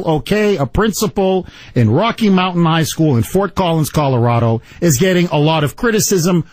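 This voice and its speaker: Male radio host, lively indignant storyteller, higher-pitched, dry studio mic. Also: moderate pace, few pauses, no echo, low-quality recording. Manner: animated, mock-outraged storytelling. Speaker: radio talk show host. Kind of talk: talk radio monologue.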